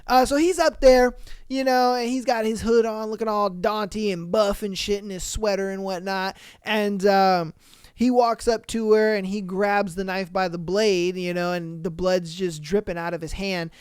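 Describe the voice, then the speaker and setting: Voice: medium pitch, fairly even intonation, moderate pace, clear, resonant tone, dry recording, clean studio sound. A podcast host casually recapping a story, rambling and slangy, cursing freely with many fillers and self-corrections.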